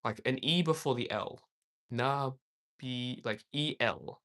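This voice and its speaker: A man's voice: medium pitch, slow pace, fairly bright tone. Young aussie guy streaming, rambly chat, reads out comments, laughs a lot. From Australia. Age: young adult. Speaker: livestreamer chatting with viewers. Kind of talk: casual live-stream chat.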